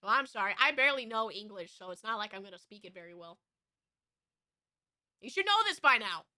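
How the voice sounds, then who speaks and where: Casual, rambling chat from a woman VTuber with an American West Coast accent, who often uses fillers and restarts her sentences. Her mid-range voice is very animated and fairly quick, bright and forceful. It's a dry, studio-quality recording.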